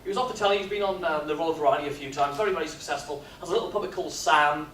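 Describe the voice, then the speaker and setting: A man, speaking at a business workshop and telling stories in a lively, jokey way. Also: fairly high pitch, racing, slight background noise. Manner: lively storyteller, jokey and animated. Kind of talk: live workshop talk with comic storytelling. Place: expo hall. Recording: echoey hall, mic from far off.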